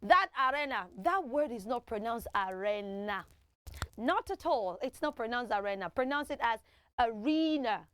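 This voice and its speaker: A woman's voice: high voice, moderate pace, few pauses, a little hiss or hum. A woman presenting a children's TV lesson, coaxing the kids through call-and-response pronunciation drills. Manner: animated, coaxing teacher who leads call-and-response drills.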